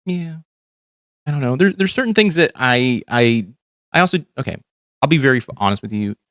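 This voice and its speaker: A man hosts a casual reaction livestream, talking bluntly and profanely and restarting himself often. His mid-range voice has lively intonation and a fairly bright tone, a little fast, captured in studio quality with no room sound.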